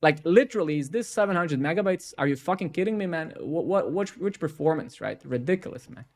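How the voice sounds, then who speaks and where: A man live-streaming his coding, ranting and swearing in a casual way, tagging his sentences with "right?" and "man", then muttering quietly as he debugs. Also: a little high, lively intonation, fairly quick.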